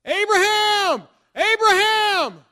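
A man voicing a booming angel calling from heaven. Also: takes it slowly. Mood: proclaiming. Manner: loud, proclaiming.

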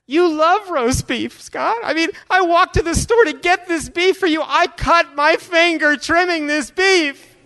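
A man doing a high, wailing impression of a tearful, guilt-tripping Jewish mother, reproachful and theatrical. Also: measured pace, pushed and bright, exaggerated voice.

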